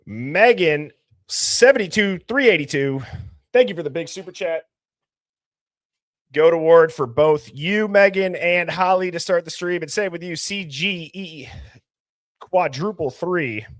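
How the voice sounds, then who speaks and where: Live-stream host, man, slightly high voice, dry close mic, loud greetings. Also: unhurried, dry recording. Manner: reads out viewer names and chat, bursts of laughter and loud greetings. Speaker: livestream host. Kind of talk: casual live-stream chat.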